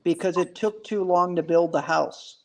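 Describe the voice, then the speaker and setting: A man in a casual group chat, recounting a story with exasperation. His voice sits slightly high. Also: moderate pace, vocal fry.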